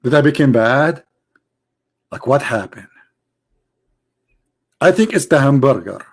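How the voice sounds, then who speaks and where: A man's voice: medium pitch, expressive, measured pace. A man from the Arab world with an Arabic accent, hosting a live debate stream in casual talk. He mocks and fires off rhetorical questions in loose, broken English full of "like" and "brother".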